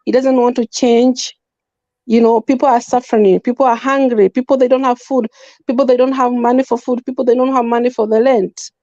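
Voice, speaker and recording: High-voiced emphatic Kenyan woman. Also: dark tone, dry recording, muffled recording. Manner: emphatic, repetitive, mixes in Swahili. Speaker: panel guest. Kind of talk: impassioned political opinion.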